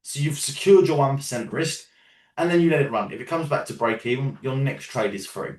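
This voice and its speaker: A man's voice: mid-range voice, fairly quick, a little mellow, echoey room, recorded from a distance. A man with a London accent coaching a group of traders on a live call, casual, sometimes swearing, and checking in with "yeah?" and "right?". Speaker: trading coach.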